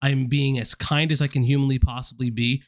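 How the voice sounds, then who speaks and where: A man's voice: medium pitch, flat delivery, fairly quick, no echo. A man ranting on a stream, blunt and profane, lecturing someone he is angry at. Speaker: commentary streamer. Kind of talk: heated commentary rant.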